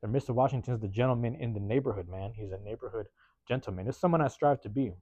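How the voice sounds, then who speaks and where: A man's voice: medium pitch, quick pace, no room sound. A man from the US West Coast, hosting a podcast in a casual storytelling monologue. He talks in slang and profanity, keeps tagging "man" and "bruh", and slips into put-on voices for the people he quotes. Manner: acts out quoted neighbors in lively put-on voices. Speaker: podcast host. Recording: dull, dry close recording.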